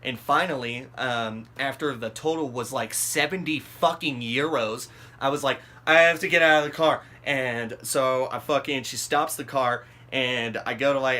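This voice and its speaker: A man telling a wild story in a loose, rambling way, swearing often and piling up fillers. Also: medium pitch. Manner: rambling and profane, many fillers and restarts; animated, voice jumps up when acting out his own panic. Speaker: vlog host telling a story. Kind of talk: casual storytelling.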